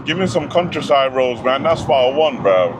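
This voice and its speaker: A man's voice: medium pitch, animated, normal speed. A young man giving slangy, laughing driving commentary from behind the wheel. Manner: casual slang-heavy chatter, laughing often. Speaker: car vlogger. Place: inside a car on the road. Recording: loud engine and road noise.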